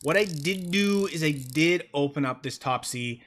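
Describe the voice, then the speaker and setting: A man chatting casually on a home livestream into a close, sensitive mic, rambling, excitable and swearing freely. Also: a little high, measured pace. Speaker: fidget toy livestreamer.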